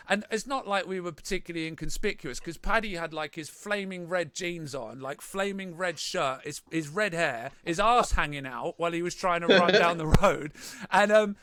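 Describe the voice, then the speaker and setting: A man's voice: high-pitched, moderate pace, few pauses, pushed and bright, no echo. A man, a band member co-hosting a podcast, telling a rambling anecdote in casual chat with frequent restarts and laughter.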